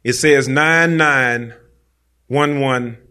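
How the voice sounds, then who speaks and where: A man's voice: mid-range voice, drawn-out words, pushed and bright, smooth. Slangy man telling a story on stage. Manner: casual slangy conversational telling, talks straight to the audience. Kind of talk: live personal storytelling on stage.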